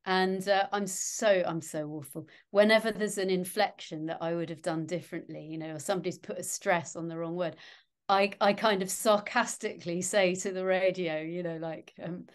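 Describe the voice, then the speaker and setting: Middle-aged woman, actress guest; chatty, self-mocking, lively anecdotes. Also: on the low side, moderate pace. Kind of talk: anecdotal interview chat.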